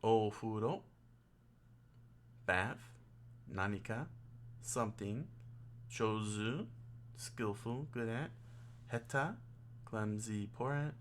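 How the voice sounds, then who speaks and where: A man's voice: on the low side, slow pace, long pauses, a little hiss or hum. A man streaming his own Japanese study, reading words and meanings aloud, joking and correcting himself as he goes. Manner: jokey, thinking aloud, with self-corrections. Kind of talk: casual self-study stream.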